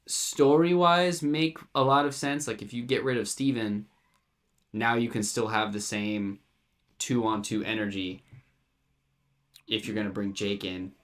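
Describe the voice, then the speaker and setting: A man's voice: fairly low pitch, slow pace, long pauses. Man chatting, acting out lines. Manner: animated, acts out lines with voices. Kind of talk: casual chat.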